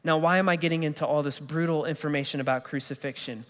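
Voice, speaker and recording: Animated male pastor in a reverberant hall. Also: on the high side, fast talker. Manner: conversational, animated preaching with casual slang. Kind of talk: sermon. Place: church auditorium.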